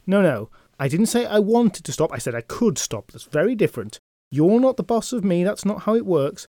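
Picture a spoiled medieval knight, put on by a man, whining in a raised, childish voice about his treasured prisoners. He sounds petulant and defensive, his pitch jumping up and his voice pushing louder. It is a dry, close recording, like a storytelling podcast. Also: sing-song, moderate pace, no echo. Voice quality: whiny, childish. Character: petulant possessive male knight collector.

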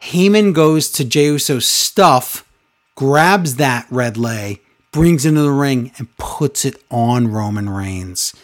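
A man in casual chat, retelling events with lively, acted-out quotes. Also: mid-range voice. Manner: animated storytelling, quick acted-out quotes. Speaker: podcast co-host recapping wrestling.

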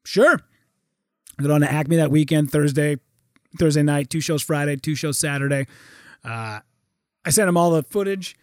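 High-voiced man telling animated stories. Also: moderate pace, long pauses, dry recording, clean studio sound. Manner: animated storyteller, acts out quotes, swears. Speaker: guest. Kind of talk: casual podcast chat.

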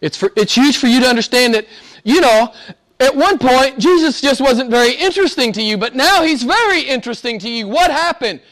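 A man preaching a sermon. He asks the audience rhetorical questions, repeats phrases for emphasis, and swings between loud emphatic peaks and hushed, near-whispered asides. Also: extremely high pitch, lively intonation, brisk.

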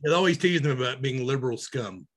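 A man, co-hosting a podcast in casual chat, animated and self-mocking. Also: medium pitch, quick pace. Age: 30s. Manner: animated, loud, self-mocking, laughs often. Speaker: podcast co-host.

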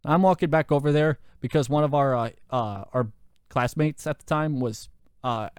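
Young dude ranting through a crazy story, lots of "like", cursing, higher voice, dry handheld mic. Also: male voice, moderate pace, clean tone, dry recording. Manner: animated, profane, full of fillers. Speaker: podcast host. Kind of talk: casual podcast storytelling. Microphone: handheld microphone.

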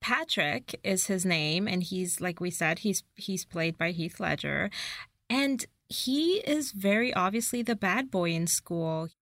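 A woman's voice: fairly low pitch, lively intonation, a bit bright, no room sound, studio quality. A woman co-hosting a podcast, playfully retelling a movie's plot in casual chat. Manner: playful storyteller, narrates plot with quick acted-out quotes. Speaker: podcast co-host.

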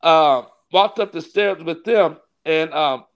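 A Baptist pastor from California telling a personal story in a rambling, heartfelt way, full of fillers. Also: male voice, fairly high pitch, slow. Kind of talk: casual interview storytelling.

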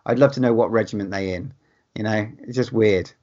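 A man's voice: fairly low pitch, a little fast, dark tone, muffled recording. A man co-hosting a casual film chat, easygoing and rambling, often trailing off. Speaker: podcast co-host.

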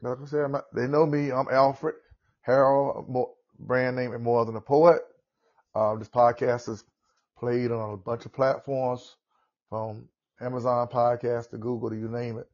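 A man's voice: mid-range voice, flat delivery, unhurried, a little mellow. A man with a Southern US accent hosting a casual podcast conversation, chatty and rambling. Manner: rambling, chatty, laughs at himself. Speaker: podcast host. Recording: dull lo-fi audio.

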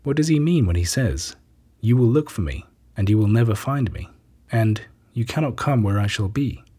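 A man's voice: on the low side, expressive, moderate pace, mellow, breathy edge. A man reading puzzled, questioning townsfolk. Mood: wondering.

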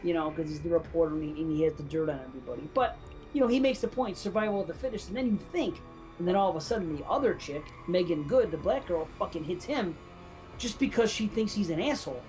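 A woman's voice: on the low side, expressive, fast, a little mellow, faint music behind, rough recording. A woman in casual podcast chat about a film, blunt and swearing heavily as she explains her take. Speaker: podcast co-host.

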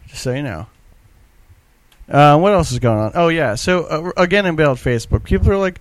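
A man's voice: mid-range voice, normal speed, dry recording. Male host, loose profane rambler, dry booth sound. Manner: profane, griping, offhand. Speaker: radio show host. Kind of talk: casual rambling talk.

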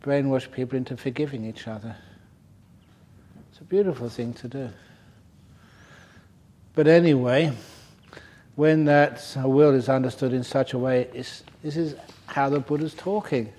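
Playful older monk teaching. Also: male voice, mid-range voice, fairly even intonation, a little slow, pauses often, mellow, a little hiss or hum. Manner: playful, teasing, laughs at his own stories. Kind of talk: humorous dharma talk. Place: retreat centre hall.

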